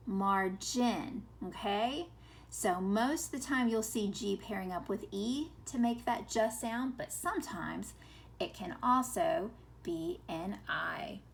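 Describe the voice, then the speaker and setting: A woman's voice: fairly high pitch, gravelly. A woman teaching a phonics lesson to children, patiently sounding out example words and asking questions.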